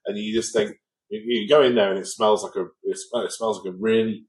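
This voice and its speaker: A man's voice: lowish voice, fairly even intonation, a little fast, low-quality recording. A man co-hosting a podcast, chatting casually and telling an anecdote, acting out what people said. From England. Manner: storytelling, acts out quoted people. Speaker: podcast co-host. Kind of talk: casual chat.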